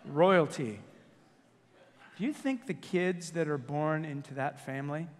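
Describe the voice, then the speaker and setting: A man preaching a sermon as senior pastor, joking and telling stories with quick self-corrections, in a church sanctuary. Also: a little high, long reverb tail. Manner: jokey, animated storytelling with self-corrections.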